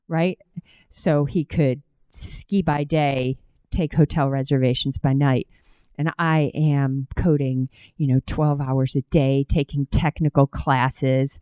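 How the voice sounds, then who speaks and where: A woman's voice: low voice, darkish tone, clean tone, no room sound, rough recording. A middle-aged woman with a Cleveland accent giving a conference talk, telling a personal story and speaking directly to the audience. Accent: Cleveland, Ohio. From Cleveland, Ohio.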